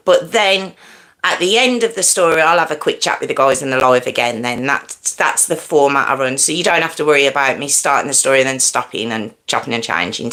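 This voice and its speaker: A woman's voice: low-pitched, a bit bright. A woman hosting a live stream, chatting casually with viewers and greeting them by name. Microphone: earpiece in.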